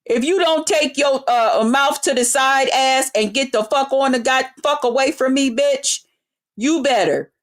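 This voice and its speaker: Brash, high-voiced woman ranting and cursing. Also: measured pace. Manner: loud, brash, heavy swearing, animated retelling. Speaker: vlogger. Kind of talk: profane storytelling rant.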